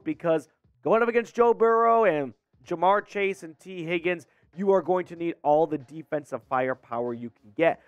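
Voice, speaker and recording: A man's voice: on the high side, clean tone, no echo, muffled recording. A young man hosting casual sports news commentary, congested from a cold, explaining things conversationally with asides.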